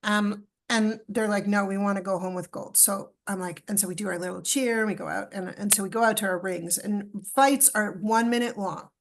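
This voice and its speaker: Female guest, middle-aged, gravelly texture, animated storyteller. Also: medium pitch, moderate pace, few pauses. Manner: animated storyteller, acts out dialogue. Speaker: podcast guest. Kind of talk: storytelling in a podcast interview.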